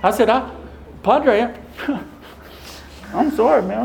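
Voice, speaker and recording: Very high-pitched and creaky, this middle-aged deacon speaks slowly and pauses often, with noise in the background. Before his parish he tells a folksy story, voicing the quotes animatedly and turning tearful at times.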